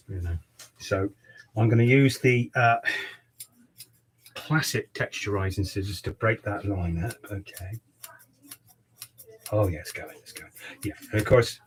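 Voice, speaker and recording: A man's voice: fairly low pitch, a little slow, long pauses, slight background noise, rough recording. A man, a barber chatting and teasing his customers while he cuts hair in his shop. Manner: cheeky, mock-gruff teasing. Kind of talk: livestreamed casual banter while cutting hair.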